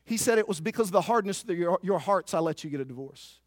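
High-voiced earnest preaching man. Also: lively intonation, fast talker, no room sound, studio quality. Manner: earnest, confessional preaching with repeated words. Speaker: pastor. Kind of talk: sermon.

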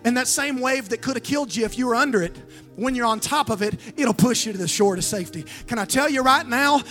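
A woman pastor preaching a fervent sermon, calling on the crowd to answer back, with a sing-song, drawn-out phrasing. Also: on the high side, fairly bright tone, faint music behind. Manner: emphatic preaching with call-and-response.

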